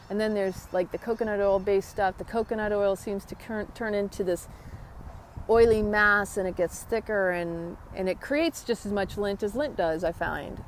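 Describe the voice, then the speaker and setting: Woman host, mid pitch, chatty and rambling, casual wellness live stream, faint hiss behind. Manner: chatty, rambling, greets viewers by name. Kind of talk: casual live chat about yoga and wellness.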